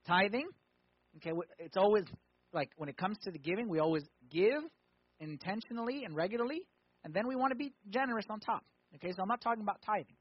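Husky-voiced preacher with twang. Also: male voice, high-pitched, no echo, dull audio. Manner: conversational preaching, rhetorical questions, swings from loud emphasis to quiet. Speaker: pastor. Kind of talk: sermon.

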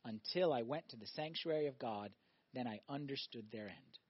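A middle-aged man preaching a sermon as pastor, animated, swinging between loud emphatic lines and quiet reflective ones. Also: medium pitch, normal speed, breathy edge, no echo, highs cut off.

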